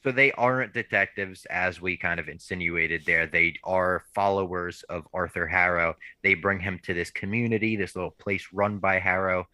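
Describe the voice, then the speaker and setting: A man's voice: deep voice, pushed and bright, dry recording. A man hosting a podcast, recapping a TV episode in a laid-back, casual way. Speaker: podcast host.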